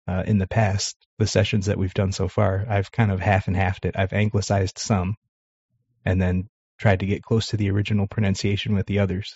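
A man's voice: low voice, a little mellow, slightly rough, dry recording. A man co-hosting a casual chat, explaining in an easygoing way, on a muffled, lo-fi recording. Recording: muffled, lo-fi audio.

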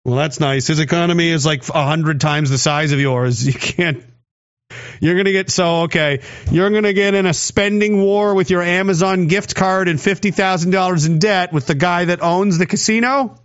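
A man's voice: high-pitched, normal speed, lo-fi sound. A man from Canada, rambling sarcastically and cursing while he talks on a livestream and answers chat. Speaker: streamer reading chat. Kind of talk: casual livestream commentary.

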